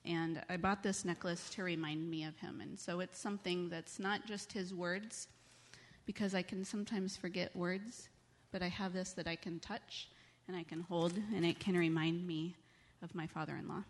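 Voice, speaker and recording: A woman with a fairly low voice leads a children's sermon, gently coaxing the kids with questions. Her voice rings out with the long reverb of a church sanctuary. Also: steady tone, normal speed. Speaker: children's message leader at church.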